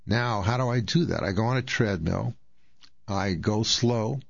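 A man's voice: lowish voice, unhurried, creaky, dry recording, lo-fi sound. A man in his sixties hosting a radio talk, explaining things step by step in a chatty way. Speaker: radio host. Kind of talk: casual health talk.

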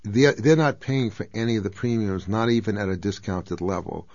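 Emphatic low-voiced man on a radio pledge drive. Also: moderate pace, dry recording. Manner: emphatic, rising to loud exclamations. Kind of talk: radio fundraising appeal. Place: radio studio. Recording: dull lo-fi radio broadcast, dry.

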